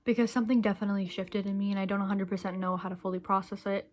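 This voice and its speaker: A woman's voice: mid-range voice, little pitch movement, racing, darkish tone. A young woman talking to camera in a rambling, emotional way, sometimes dropping to a whisper and chewing candy as she speaks. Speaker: vlogger. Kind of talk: casual reflective monologue.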